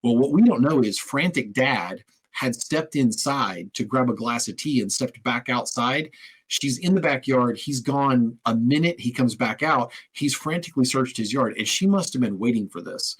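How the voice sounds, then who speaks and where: Husky man telling stories on a podcast. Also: mid-range voice, normal speed. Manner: animated storyteller, acts out quoted voices. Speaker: podcast host. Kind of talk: storytelling in casual conversation. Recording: husky, occasionally crackly audio.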